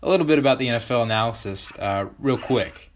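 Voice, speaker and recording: A teenage boy hosting a podcast, chatting in a joking, excitable way with lots of fillers. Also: medium pitch, fast talker. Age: teens. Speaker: podcast host. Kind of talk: casual podcast chat.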